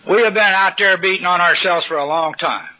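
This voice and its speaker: An older man gives a recovery-meeting talk in a folksy, plain-spoken storytelling manner with salty humor. His voice sits a little high for a man. The recording is dull and lo-fi, like an old tape. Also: a little fast. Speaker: AA speaker. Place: meeting room at a podium.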